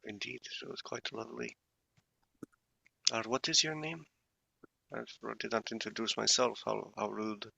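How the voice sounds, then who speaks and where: Gravelly man playing a courteous character. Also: lowish voice, normal speed, long pauses, sharp tone, no echo, low-quality recording. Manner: formal, courteous, hesitant with fillers. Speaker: player. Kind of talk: in-character tabletop role-play.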